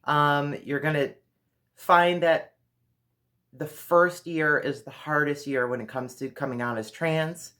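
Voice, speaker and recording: A woman's voice: low voice, fairly even intonation, takes it slowly, fairly bright tone. Earnest woman giving frank advice. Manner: earnest, instructive, direct. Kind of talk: casual advice monologue.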